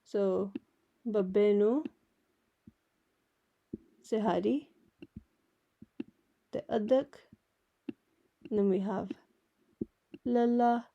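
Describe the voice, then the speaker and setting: A woman teaching a writing lesson, patiently explaining each letter and repeating words slowly. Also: mid-range voice, fairly even intonation, vocal fry, highs cut off. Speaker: language teacher. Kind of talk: slow step-by-step alphabet lesson.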